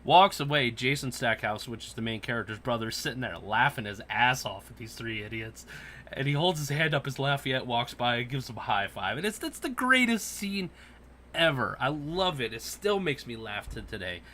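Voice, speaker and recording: A man's voice: mid-range voice, normal speed, a little hiss or hum. A man hosting a casual podcast, telling stories and ranting with lots of swearing. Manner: profane, animated ranting storyteller. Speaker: podcast host.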